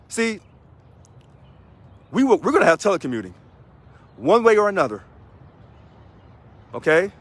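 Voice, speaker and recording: In an energetic video address to union members, a Missouri man who serves as union president emphatically repeats key phrases. His voice sits high, and there's no echo.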